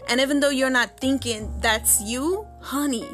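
A woman's voice: high voice, moderate pace, soft background music. A woman hosting her own podcast in a casual advice talk, sassy and blunt, swearing freely and slipping into bits of slang. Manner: slips into Jamaican-style slang. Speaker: podcast host.

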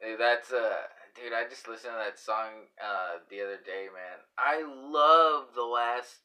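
A man's voice: medium pitch, measured pace, pushed and bright. A man hosting a casual podcast chat, rambling with lots of fillers and restarts and acting out little voices. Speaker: podcast host.

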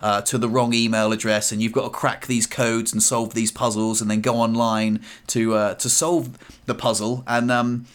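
A man's voice: mid-range voice, flat delivery, moderate pace. Rambling man, casual chat. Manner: rambling, many restarts and fillers. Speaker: podcast co-host.

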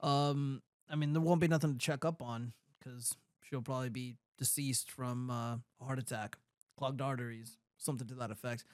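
A man's voice: medium pitch, fairly even intonation, moderate pace, a little mellow, smooth, no echo, clean studio sound. A man hosting a crude comedic podcast, reading comments aloud and mocking them in casual banter. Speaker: show host.

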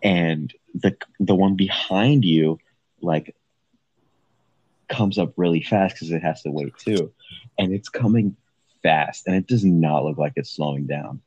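A man's voice: deep voice, measured pace, a little mellow, breathy edge, no echo, muffled recording. A young man co-hosting a podcast, chatting casually, laid-back, swearing and laughing often. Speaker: podcast co-host. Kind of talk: casual chat.

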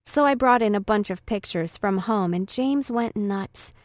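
A woman's voice: medium pitch, unhurried, no echo, studio quality. A woman narrating a first-person story in an earnest, emotional way. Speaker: audiobook narrator.

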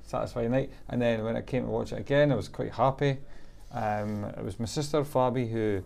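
A man hosting a casual film podcast, relaxed and quick to agree. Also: mid-range voice, gravelly. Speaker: podcast host.

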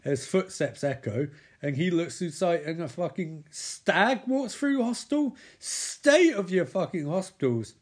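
A man's voice: high-pitched, lively intonation, unhurried, husky. Sweary rambling man recapping a show. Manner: sweary, rambling, mocking voices for the characters. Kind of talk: comedic episode recap.

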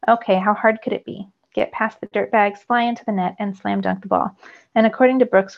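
Woman teacher, gravelly voice, storybook read-aloud for kids, dull lo-fi sound. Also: mid-range voice, brisk. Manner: lively storytelling, rising with the action. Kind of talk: reading a novel aloud for students. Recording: dull lo-fi recording.

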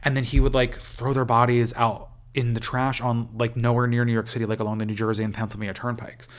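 A man's voice: medium pitch, little pitch movement, fast talker. A man hosting a podcast, in casual chat that is rambling and profane. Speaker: podcast host.

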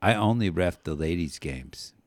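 A man co-hosting a casual sports podcast, telling rambling, profane stories that get animated. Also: low-pitched, normal speed, no echo. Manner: rambling storyteller, swears, animated when recounting yelling. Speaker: podcast co-host.

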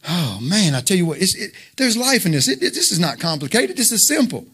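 Emphatic preacher, slightly higher voice. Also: male voice, sing-song, a little fast, fairly bright tone, breathy edge. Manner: conversational, emphatic, colloquial with rhetorical questions. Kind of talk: informal sermon.

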